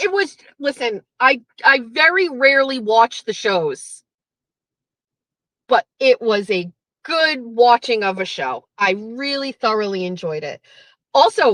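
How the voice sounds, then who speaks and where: A high-pitched woman with a bright, sharp tone rants on her stream, full of profanity and mocking put-on voices. The sound is close and dry, with no room in it. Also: dry recording, poor audio. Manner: profane, animated, mocking impressions. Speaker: streamer host. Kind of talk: ranting commentary.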